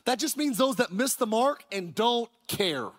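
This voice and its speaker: High-voiced man preaching a sermon. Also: measured pace. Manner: energetic preaching with shouts and rhetorical questions. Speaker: pastor. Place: church sanctuary.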